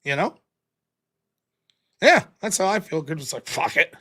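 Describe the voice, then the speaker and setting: Male streamer, high and animated, reading donations with blunt asides. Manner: quick, offhand thanks and blunt replies with swearing. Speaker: livestream host. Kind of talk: casual chat reading viewer donations.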